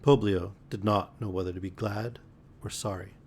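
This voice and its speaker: A man reading a pulp fantasy novel aloud as a bedtime story, measured with occasional slips. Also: on the low side, fairly even intonation, a little mellow, a little hiss or hum.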